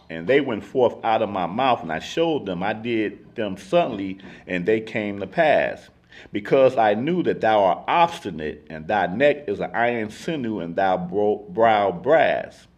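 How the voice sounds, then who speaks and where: A man in ministry leading a casual Bible study, talking earnestly with emphatic restarts and reading scripture aloud. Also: fairly low pitch. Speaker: ministry teacher.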